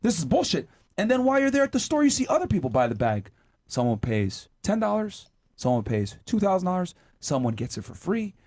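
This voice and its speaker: A man hosting a podcast panel talk, with a high voice that swings all over the place. He tells stories by acting out the people in them and swears freely. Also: wildly swooping pitch, brisk, darkish tone. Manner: storytelling, acting out exasperated voices, profane. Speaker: podcast host.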